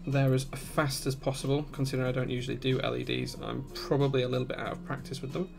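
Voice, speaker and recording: A man hosts a live build stream, explaining each step methodically and breaking off to answer chat. His voice has a gravelly texture. Soft music plays faintly behind him. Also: mid-range voice, little pitch movement, fast talker.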